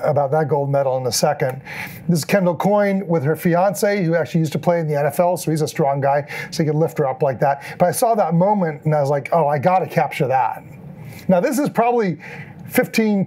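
A middle-aged man giving a storytelling talk as an event photographer, acting out the lines people said. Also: on the high side. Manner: animated, acts out quoted lines in the story. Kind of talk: storytelling presentation.

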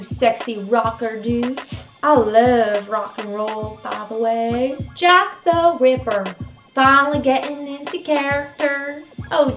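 A woman's voice: a bit bright, echoey room, exaggerated voice. A woman playing a brash, touchy Southern woman vlogger with a Southern US accent, talking in a sassy, indignant way in a comedy sketch. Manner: sassy and indignant, high-pitched outbursts. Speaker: vlogger answering comments.

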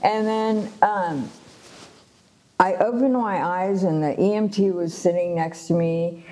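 Low, mellow-voiced woman telling her story. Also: takes it slowly. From Los Angeles, USA. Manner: animated, laughs often, many fillers and restarts. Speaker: guest sharing her testimony. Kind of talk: casual personal storytelling.

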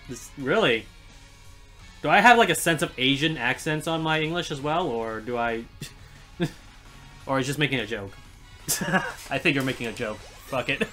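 A male streamer talks through a live game session, joking with his chat and laughing often. His voice is bright and clear, sitting at a middle pitch. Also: normal speed, pauses often, soft background music. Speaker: let's play streamer. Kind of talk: live gameplay commentary.

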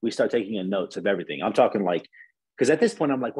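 A man's voice: on the low side, expressive, fast talker, a little mellow, breathy edge, low-quality recording. A man in his thirties, a podcast guest, telling his story candidly and emotionally, often tagging on "right?" and swearing casually.

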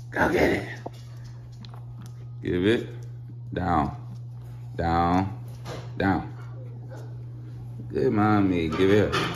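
In a noisy kitchen recording, a young vlogger playfully coaxes children and dogs, laughing a lot as he hosts his casual home video. His voice sits low with a darkish tone.

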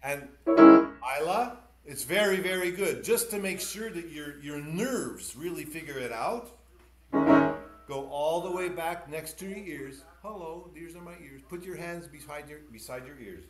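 A man teaching piano in an online masterclass. He is animated and encouraging, demonstrating as he goes and giving quick corrections. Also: fairly high pitch. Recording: echoey room with piano playing.

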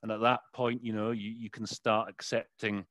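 A man with a lowish, slightly bright voice that barely moves in pitch speaks at normal speed, with no echo around him. He's an interpreter being interviewed conversationally, and he keeps stopping to find words, leaning heavily on fillers.

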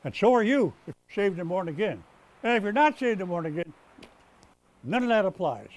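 A man's voice: sits high, sing-song, brisk. A man preaching a sermon as pastor, stressing words as he builds up and often restarting his sentences mid-thought. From United States. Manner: preaching with rising emphasis and repeated words. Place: rescue mission chapel.

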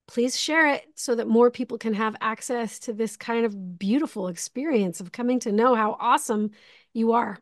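An emotional woman host gushes warmly and giggles through her words. Her voice sits fairly high, and the sound is close and dry. She speaks through a video call microphone. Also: normal speed, dry recording. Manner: effusive and giggly, gushing with feeling. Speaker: host of a spiritual class. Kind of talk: live online class, heartfelt closing remarks.

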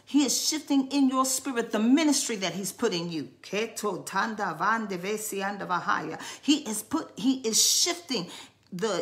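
A woman preaching a charismatic sermon, fervent and repetitive, breaking into tongues. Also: fairly high pitch.

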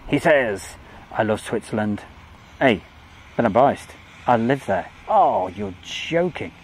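A man's voice: medium pitch, lively intonation, slow, a little hiss or hum. A man from the UK hosting a live airfield stream outdoors, chatting casually and rambling as he reads out viewer comments.

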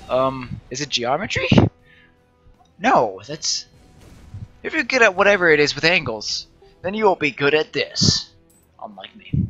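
Casting: male gamer, rambling self-deprecating commentary, bright voice, unhurried delivery, faint music behind. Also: mid-range voice, husky, muffled recording. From United States. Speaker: gaming channel host. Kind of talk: let's play commentary.

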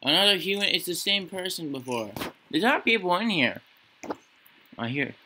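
This young gaming channel host rambles casually to himself while playing a horror game, cracking jokes and pretending to be spooked. His voice is high, pushed and bright, with lively intonation and a moderate pace. A slight hiss or hum runs under the audio.

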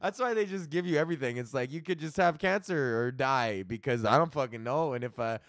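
A thirty-year-old man talks through his own comedy podcast in a loose, rambling way, swearing freely and laughing at his own jokes. His voice sits at an ordinary middle pitch. The sound is dry and close, with no room echo. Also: brisk, a bit bright. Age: 30s. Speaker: podcast host. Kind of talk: casual solo comedy podcast rant.

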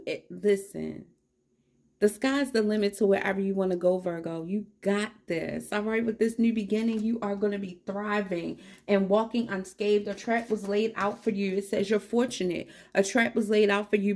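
A woman's voice: mid-range voice, darkish tone. Chatty woman reading tarot cards. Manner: upbeat, encouraging, chatty, talks straight to viewers. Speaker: tarot reader. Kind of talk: casual tarot card reading. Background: cat meowing.

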